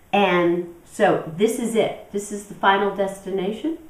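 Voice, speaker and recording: A woman's voice: medium pitch, takes it slowly, far from the mic. A woman spiritual teacher leading an interactive teaching talk, questioning her audience and acting out inner voices. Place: teaching room with a group. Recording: echoey room, recorded from afar.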